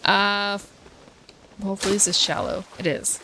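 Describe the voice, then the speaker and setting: A woman gaming on a live stream from her home setup chats and muses with viewers between play, laughing often. She speaks at medium pitch in a steady tone and normal speed over a noisy background.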